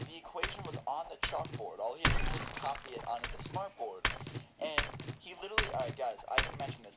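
A man casually telling a rambling story, swearing often and laughing at himself. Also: mid-range voice. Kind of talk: casual storytelling over gameplay. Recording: loud background noise.

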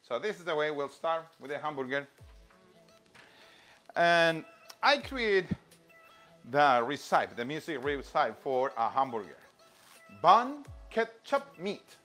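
High, lively man teaching rhythm. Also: a little slow, pauses often, soft background music. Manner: enthusiastic, encouraging, chanting rhythm words. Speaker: music teacher. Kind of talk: live online music lesson while cooking. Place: home kitchen.

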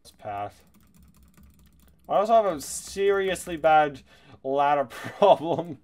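Excitable man doing casual game commentary. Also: on the high side, slow. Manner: excitable, laughs and swears often. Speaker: gaming YouTuber.

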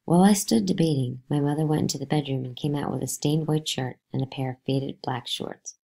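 Woman teacher reading a novel out loud, low gravelly voice, lively on the quotes. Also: brisk. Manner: lively, voicing quotes with pitch jumps. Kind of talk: classroom read-aloud of a novel.

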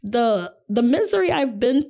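A woman's voice: a little high, big pitch swings, unhurried, gravelly, darkish tone. A young woman co-hosting a podcast, chatting casually and laughing as she retells events with quoted asides. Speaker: podcast co-host. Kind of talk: casual chat.

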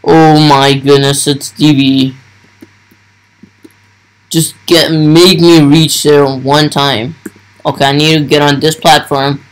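A young man giving excited, starstruck commentary over his gameplay, full of breathless exclamations. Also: on the high side, poor audio. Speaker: gaming YouTuber.

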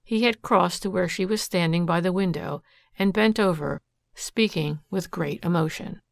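A woman giving a steady scripted narration of a classic detective story. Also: lowish voice, normal speed, vocal fry, dry recording, studio quality. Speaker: audiobook narrator.

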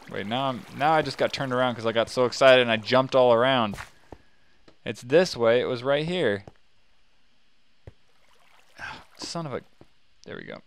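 A man hosting a gaming channel, talking to himself in casual, excitable commentary as he plays. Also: medium pitch, vocal fry, a little hiss or hum. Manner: chatty, excitable, talks to himself while playing.

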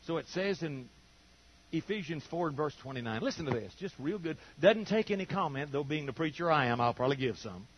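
Here an older man's fairly high, breathy-edged voice carries a sermon at a fairly quick clip. He narrates stories energetically and acts out each quoted voice, captured on a dull lo-fi recording.

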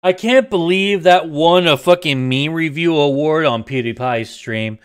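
A man streaming a game live, chatting casually, swearing often and snapping into sudden yells. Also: on the high side, measured pace, smooth. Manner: excitable, swearing, prone to sudden yelling outbursts. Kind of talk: casual live-stream chat while gaming.

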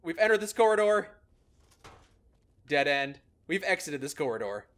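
A man's voice: a little high, very animated, normal speed, fairly bright tone. A man hosting a gameplay video, explaining a maze-solving method in a casual, upbeat way and laughing often. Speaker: host explaining a maze algorithm in a game.

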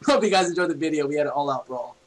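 A young man hosting a gameplay session with friends, excitable, laughing and yelling often. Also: on the high side, racing, a crowd in the background, low-quality recording. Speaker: gaming channel host. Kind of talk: casual gameplay chat with friends.

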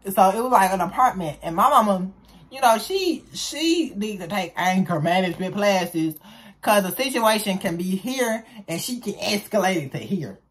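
At medium pitch and normal speed, a young woman with a slightly rough voice chats with her viewers, sharing a story from when she was in school. She's animated and chatty, using plenty of slang.

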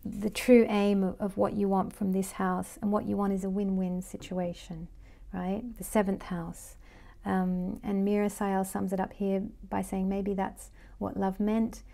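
This is a woman teaching Vedic astrology in a loose, conversational lesson. Her voice is dark and mellow, with a gravelly edge of vocal fry. She thinks aloud as she works through her notes. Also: medium pitch. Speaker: Vedic astrology life coach.

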